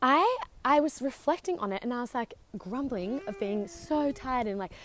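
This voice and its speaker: A woman's voice: high-pitched, expressive, moderate pace, a bit bright. A young woman hosting a casual faith podcast. She rambles chattily with lots of fillers and sounds out of breath from walking outdoors on her driveway. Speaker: podcast host.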